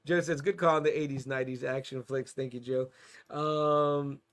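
A man's voice: mid-range voice, normal speed. Laid-back male podcast co-host. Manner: relaxed, laid-back, swears casually. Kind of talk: casual chat.

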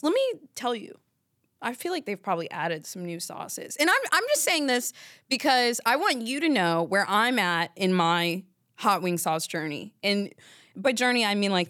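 A woman's voice: medium pitch, fairly bright tone, dry recording, clean studio sound. A woman hosting a podcast, chatting casually and telling a rambling story full of asides. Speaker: podcast host. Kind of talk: casual chat.

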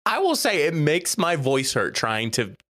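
A young man co-hosting a chatty podcast, his pitch swinging widely as he reads entries with mock gravity. The sound is close and dry, with no room echo. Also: a little slow. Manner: animated, laughs often, reads quotes with mock gravity. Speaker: podcast co-host. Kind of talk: casual chat, reading list entries aloud.

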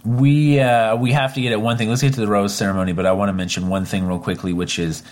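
A man's voice: on the low side, level tone, fast talker, a little mellow. A man co-hosting a podcast, chatting casually with dry, joking asides. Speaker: podcast co-host. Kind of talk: casual chat.

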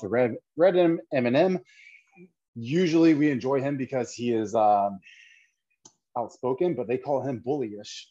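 A man's voice: medium pitch, warm tone, no echo, dull audio. A man giving an indignant, lecturing commentary full of rhetorical questions. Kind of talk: opinionated commentary video.

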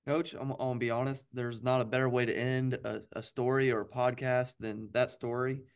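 A man hosting a podcast for coaches, wrapping up with halting, filler-heavy remarks. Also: mid-range voice, flat delivery, clean tone. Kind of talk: casual podcast chat.

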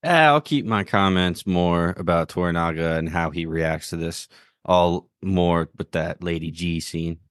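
A man's voice: low voice, unhurried, dry recording, studio quality. A man on a casual podcast discussion, laid-back, acting out lines as he retells scenes.

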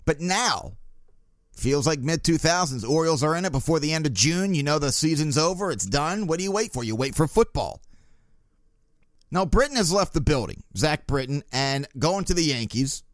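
A man's voice: on the high side, lively intonation, normal speed, no echo. A man hosting a sports podcast, talking casually and sarcastically and mimicking the people he complains about. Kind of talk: casual sports talk monologue.

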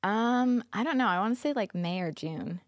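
A young woman talks as a podcast guest, her speech loose and candid, peppered with "like" and easy laughter. Her voice is mid-pitched and recorded close and dry. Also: expressive, normal speed, dry recording. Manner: casual, filler-heavy with frequent "like", laughs often. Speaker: podcast guest, former streamer. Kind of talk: candid interview chat.

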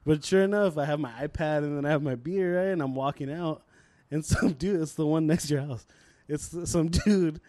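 A man's voice: a little high, a little fast, dark tone, no room sound. A young man co-hosting a casual podcast chat, telling stories through bursts of laughter and swearing freely. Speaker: podcast co-host.

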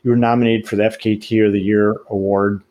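A man's voice: on the low side, flat delivery, fast, darkish tone. An older man hosting an interview, asking rambling, stammering questions. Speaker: podcast host, interviewer. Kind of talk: casual interview conversation.

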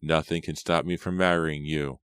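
A man's voice: extremely low pitch, fairly even intonation, moderate pace, fairly bright tone, smooth, no echo, studio quality. A man voicing an earnest, devoted young man in an audiobook.

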